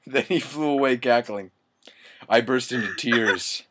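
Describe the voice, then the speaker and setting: A man's voice: medium pitch, a little slow, very noisy. A man giving a comedic reading of a bad story, incredulous and swearing, often cracking up. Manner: incredulous, swearing, breaks into laughter. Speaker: reader.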